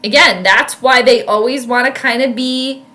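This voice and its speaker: A young woman giving casual live commentary on a football game from her home, chatting with viewers and yelling at plays. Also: a little high, fairly even intonation, normal speed. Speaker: sports commentator and astrologer streaming live. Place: home room with space heater.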